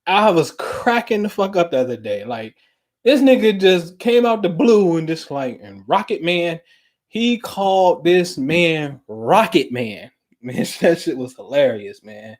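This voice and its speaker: A man hosting a show, talking in casual, profane chat, telling stories animatedly and dropping to low mumbles. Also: sing-song, measured pace. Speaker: podcast host.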